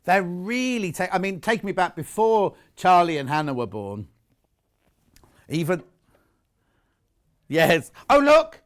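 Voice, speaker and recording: A man's voice: high-pitched, slow, long pauses. A British man presenting live on a shopping channel, chatty and gushing as he shows off fabrics. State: out of breath. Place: TV studio.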